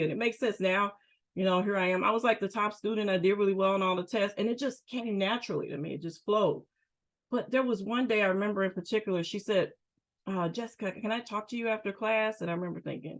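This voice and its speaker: Candid woman telling her own story. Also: mid-range voice. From United States. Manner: candid, emphatic, conversational with repeated restarts. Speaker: podcast host, therapist. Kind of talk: personal storytelling.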